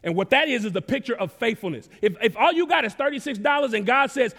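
A man from Dallas, preaching a sermon in a relaxed, conversational way, with casual slang and sudden rises in volume. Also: extremely high pitch, quick pace, noisy background. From Dallas, Texas. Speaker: pastor. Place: church sanctuary. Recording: long reverb of a large hall.

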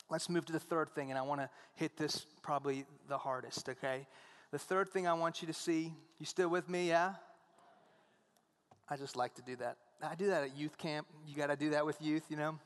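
A man preaching a sermon, telling stories and acting out the dialogue in an animated way. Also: a little high, in a large hall. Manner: animated storytelling, acts out dialogue.

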